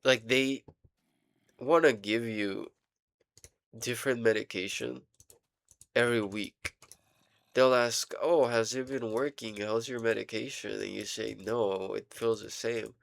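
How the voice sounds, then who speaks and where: A young man rambling casually in a diary vlog, halting and full of fillers, swearing now and then while he plays a game. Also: mid-range voice, steady tone, gravelly, no echo. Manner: playing a game while talking. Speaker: vlogger.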